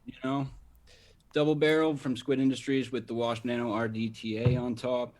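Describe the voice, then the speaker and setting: A man's voice: medium pitch, flat delivery, normal speed, a little mellow. A man in a casual live stream chat, matter-of-factly rattling off lists of gear.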